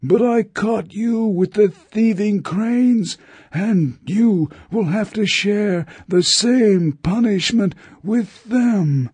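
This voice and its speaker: A man's voice: high-pitched, slow pace, darkish tone, slightly rough, no room sound, pitched above the performer's own voice, exaggerated voice. A man reading a storybook voices a stern farmer who refuses to let a bird go. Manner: firm, matter-of-fact. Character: stern male farmer, unmoved.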